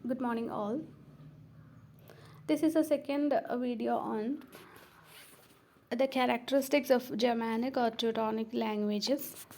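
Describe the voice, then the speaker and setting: A woman with a high, light voice delivers a recorded lecture as a teacher. She talks hesitantly, filling pauses and going back over each point. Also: steady tone, mellow, a little hiss or hum. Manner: hesitant, with frequent fillers, repeats points.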